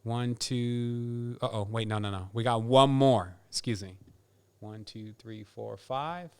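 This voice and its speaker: Upbeat podcast host man, smooth voice. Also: mid-range voice, slow pace, a little mellow. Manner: upbeat, reads names and prizes, counts aloud. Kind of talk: casual giveaway announcements.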